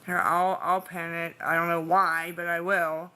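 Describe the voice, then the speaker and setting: Tired woman livestreaming, anxious and pleading, bright, tense tone, rambling casual chat. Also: on the low side, little pitch movement, measured pace, clear, resonant tone. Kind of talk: casual live-stream chat.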